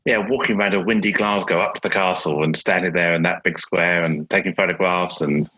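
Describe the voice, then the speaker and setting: A man's voice: sits low, fairly even intonation, fairly quick, bright, forceful tone, slightly rough, rough recording. A man hosting a podcast interview, asking reflective questions and summing up ideas. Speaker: podcast host.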